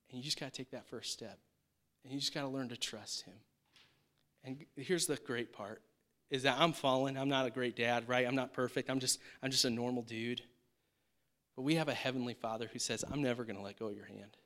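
A man's voice: mid-range voice, a bit bright. A man preaching a sermon in a conversational, emphatic way, often checking in with the congregation. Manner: conversational, emphatic, frequent rhetorical "right?". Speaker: pastor.

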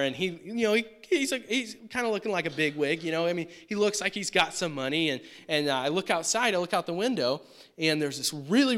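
Bright-voiced animated male pastor. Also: fairly high pitch. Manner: conversational storytelling, animated, rhetorical questions. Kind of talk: sermon. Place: church sanctuary.

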